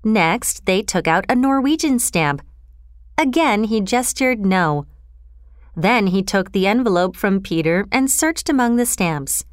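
A woman narrating a children's story in an expressive, clear reading style. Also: medium pitch, unhurried, no echo, clean studio sound.

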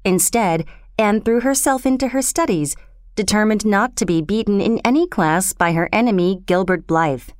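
A woman narrating a children's storybook in a steady, gentle, expressive reading. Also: mid-range voice, smooth, dry recording, clean studio sound.

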